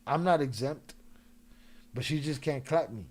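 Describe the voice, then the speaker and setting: A livestream host a few drinks in chats casually in loose, joking slang and laughs often. His medium-pitched voice is unhurried with a darkish tone.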